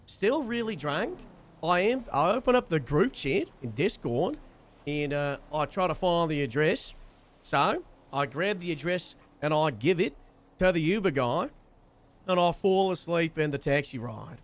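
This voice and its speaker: Brief: young male streamer, casual storyteller, slightly higher voice, lively and profane. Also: a little slow. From Wales. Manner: animated, swears freely.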